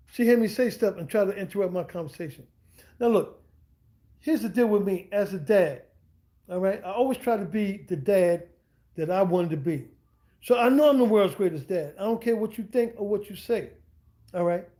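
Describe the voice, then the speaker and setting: A middle-aged man with a fairly high voice chats on a livestream from home. His tone is mellow and soft-edged, and he wanders from point to point, doubling back on his words and tossing in slangy check-ins with his viewers. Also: moderate pace. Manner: rambling, repeats himself, slangy asides. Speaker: streamer and language teacher. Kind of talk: casual livestream monologue. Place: at home indoors.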